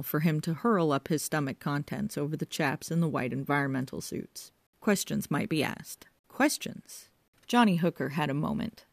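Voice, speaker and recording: A woman reading a novel aloud as narrator, wry and measured. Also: low voice, vocal fry, dry recording. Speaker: audiobook narrator. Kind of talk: scripted narration.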